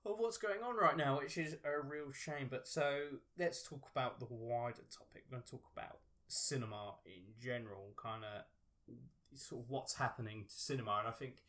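A man's voice: medium pitch, normal speed, a bit bright. A man hosting a casual film podcast, chatty and loose, often restarting his sentences. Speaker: podcast host. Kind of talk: casual chat.

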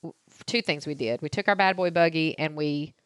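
A woman's voice: sits low, moderate pace, fairly bright tone, smooth, no echo. A middle-aged woman, co-hosting a casual chat in an easygoing way. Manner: easygoing, repeats "blah, blah, blah". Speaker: co-host.

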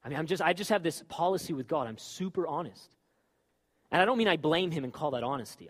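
A man preaching a sermon with fervor, moving from loud exhortation to quiet, confessional talk. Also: on the high side, animated, fast.

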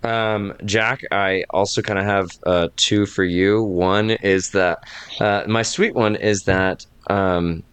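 A man hosting a podcast recap, rambling warmly in casual chat and laughing often. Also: on the low side, fairly even intonation, takes it slowly, clear, resonant tone, no echo. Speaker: game master and podcast host.

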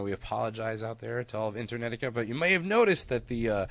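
Bright-voiced rambling male podcast host. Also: mid-range voice, clean tone, no echo. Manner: rambling, chatty, swears casually and laughs often. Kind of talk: casual podcast chat.

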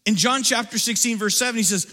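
A man preaching a sermon as pastor, building through repeated phrases and dropping his voice low to press a point. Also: quick pace, sharp tone. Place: church sanctuary. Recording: hall reverb from a church.

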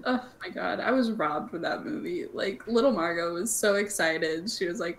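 A young woman hosting a casual podcast, talking in an animated, chatty way with lots of fillers. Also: lowish voice, normal speed, creaky, few pauses, slight background noise. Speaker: podcast host.

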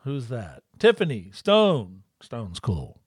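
A man's voice: medium pitch, huge pitch swings, takes it slowly, breathy edge, no echo, clean studio sound. A man casually chatting as co-host, telling a story with lots of swearing and acted-out quotes. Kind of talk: casual chat.

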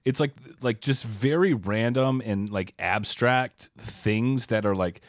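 A man's voice: mid-range voice, slow, no echo, clean studio sound. A man co-hosting a podcast, rambling and joking about a movie with lots of fillers. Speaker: podcast co-host. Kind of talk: casual chat, movie recap.

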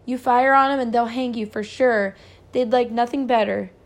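A woman's voice: on the high side, fairly even intonation, normal speed, pitched above the performer's own voice, close to an everyday voice. A woman reading aloud, voicing an anxious mother pleading with her husband. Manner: urgent, pleading.

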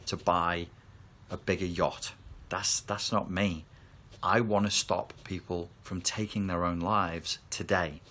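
A man talking to camera as a therapy coach, calm and reassuring as he explains. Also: deep voice. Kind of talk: reflective talk to camera.

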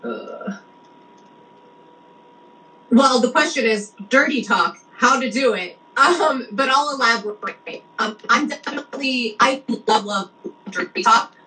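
A woman with a high, very bright voice co-hosts a casual chat. She speaks frankly and easily, leaning on lots of fillers. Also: a little slow, low-quality recording. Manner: relaxed, filler-heavy, frank.

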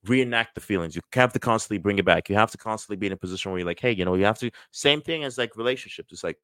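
Lively low-voiced man coaching. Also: no echo. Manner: animated, acts out quoted voices. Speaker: sales and business coach. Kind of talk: casual motivational talk.

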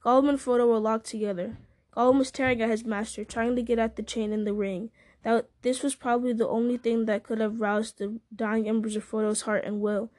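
Reading a story aloud audiobook-style, a woman keeps a measured pace but occasionally slips and starts a line over. Her fairly high voice has a mellow, soft-edged tone, and her delivery is flat.

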